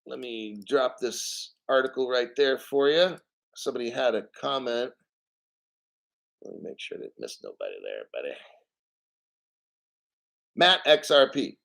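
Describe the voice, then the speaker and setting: A man hosting a crypto video channel, talking in a brash, profane, jokey way and stressing words by saying them slowly. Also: medium pitch, very animated, gravelly, fairly bright tone. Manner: emphatic, repeats words slowly. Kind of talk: casual crypto vlog commentary.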